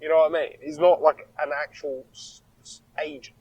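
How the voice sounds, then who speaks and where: A man's voice: a little high, little pitch movement, a little fast, darkish tone, dry recording, low-quality recording. A man co-hosting a casual podcast, rambling through his opinions with restarts. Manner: rambling, restarts, frequent agreement. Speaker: podcast co-host. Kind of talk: casual chat.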